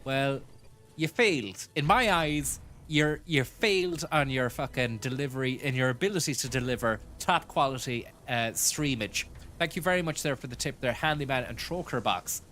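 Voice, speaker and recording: A man's voice: medium pitch, normal speed, fairly bright tone, slight background noise. A man hosting a casual gaming stream, joking, swearing and thanking viewers for tips. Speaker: streamer host.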